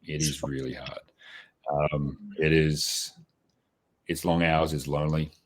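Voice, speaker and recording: Forties Australian male guest, extremely deep voice, reflective and conversational. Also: flat delivery, unhurried, husky. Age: 40s. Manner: reflective, with many restarts and tag questions. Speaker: podcast guest. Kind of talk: casual interview answers.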